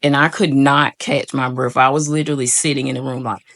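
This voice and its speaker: Here a young adult woman, a vlogger, rambles through a personal story for her audience, peppering it with "like" and "y'all." She has a bass voice that's a bit bright, talks fairly quickly, and keeps her intonation fairly even.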